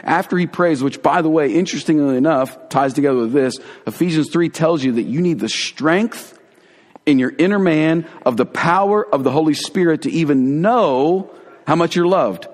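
A man giving a conversational, earnest sermon as a pastor, dropping to hushed tones for emphasis. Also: fairly high pitch, normal speed. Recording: long hall reverb.

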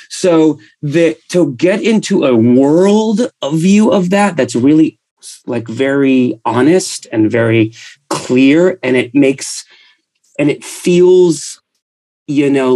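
A man's voice: mid-range voice, darkish tone. A man talking as a guest actor in casual conversation, rambling and often repeating his words.

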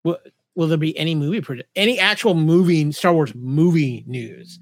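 An eager man co-hosting a casual podcast, his voice a little high. He stammers through restarts. The sound is close and dry. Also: normal speed, no room sound. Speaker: podcast co-host. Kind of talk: casual chat.

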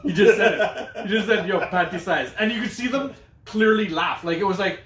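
A man's voice: high voice, a little fast, a bit bright, far from the mic. A man in his thirties co-hosting a casual chat, swearing freely and retelling funny movie scenes with lots of laughter. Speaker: podcast co-host. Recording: echoey room, voice off-mic.

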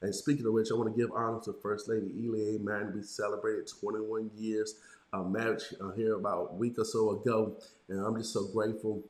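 Congested pastor preaching, deep and roomy. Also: male voice, flat delivery, a little fast. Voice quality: slightly raspy. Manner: punctuates lines with "amen". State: congested and nasal from illness. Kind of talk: sermon.

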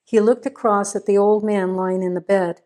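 Woman, story narrator, steady and measured, middle pitch. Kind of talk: scripted narration.

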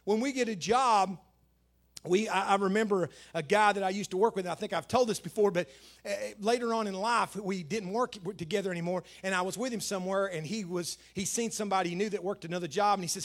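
Middle-aged male pastor, high voice, chatty sermon delivery with emphatic scripture readings. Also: fast. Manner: conversational preaching with repeated phrases and emphatic scripture quotes.

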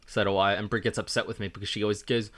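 A man's voice: on the low side, little pitch movement, very fast, fairly bright tone. An Australian man co-hosting a podcast, talking in a casual, jokey way and laughing often. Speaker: podcast co-host. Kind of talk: casual chat.

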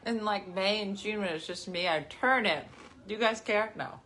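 A woman in her forties hosting a casual chat with viewers from her living room, chatty and animated, jumping from topic to topic. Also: medium pitch, normal speed, a little hiss or hum. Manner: chatty, animated, jumps between topics and laughs often. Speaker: livestream host.

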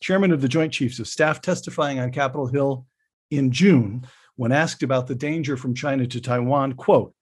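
A man hosting a sit-down interview, his voice a little husky. He introduces his guest and reads quotations in a measured, deliberate way. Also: mid-range voice. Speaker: interviewer host.

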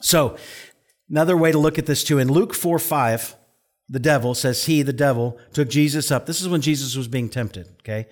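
A middle-aged man preaches a conversational sermon at a mid-range pitch. He tells stories with chatty asides, jumps his voice up when quoting an outburst, then drops soft and low to press a serious point. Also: normal speed. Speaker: pastor.

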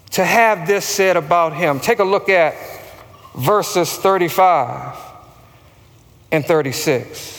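A high-pitched man delivers a sermon at an unhurried pace. He stresses his words and has listeners echo phrases back. His voice carries a long reverb of a large hall. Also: fairly bright tone. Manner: slow, emphatic preaching with call-and-response. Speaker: pastor.

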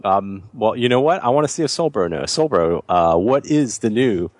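A man's voice: fairly low pitch, animated, normal speed, darkish tone, no room sound. A man hosting a casual podcast, reading out listener submissions and teasing his co-hosts. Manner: jokey, teasing, reads news aloud.

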